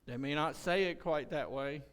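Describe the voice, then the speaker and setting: A male pastor delivers an impassioned sermon in a church, his high voice rising loud whenever he acts out a quote. His tone is smooth and resonant. The sound carries a long hall reverb around him. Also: normal speed. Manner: impassioned preaching, rising loud when quoting. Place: church sanctuary.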